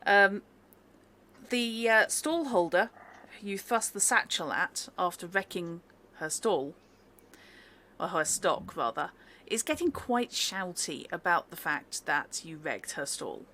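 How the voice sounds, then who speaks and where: A woman's voice: on the low side, expressive, takes it slowly, pushed and bright, a little hiss or hum. A woman narrating a tabletop game as game master, chatty, with many fillers and laughs.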